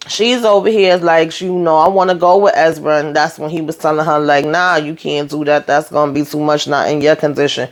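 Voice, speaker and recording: A woman hosting her own channel, casually recapping a TV episode in a chatty, emphatic way, talking straight to her viewers. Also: low-pitched. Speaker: TV show recap host.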